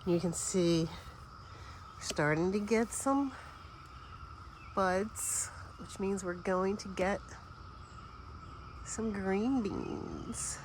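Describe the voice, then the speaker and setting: A woman's voice: mid-range voice, very slow, pauses often, a little hiss or hum. A woman giving a casual tour of her vegetable garden outdoors, chatty and easily distracted, sniffling a little as she talks.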